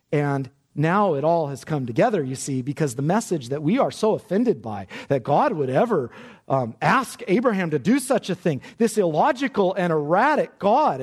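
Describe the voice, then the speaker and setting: A man preaching a sermon with great passion, dropping to a hush and then rising to loud, urgent cries. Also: high voice. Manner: impassioned, swinging from hushed to loud. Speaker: pastor.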